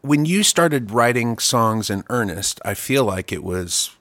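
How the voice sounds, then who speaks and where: A man's voice: medium pitch, expressive, a little slow, fairly bright tone, no room sound. A man hosting a casual chat and talking as a songwriter, rambling and self-deprecating with many restarts. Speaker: podcast host and songwriter.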